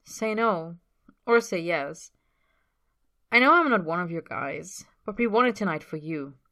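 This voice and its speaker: A woman's voice: fairly low pitch, lively intonation, unhurried, pushed and bright, heavily acted. A woman voicing a brash young male hockey player who needles and pushes. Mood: earnest. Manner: pushy, needling.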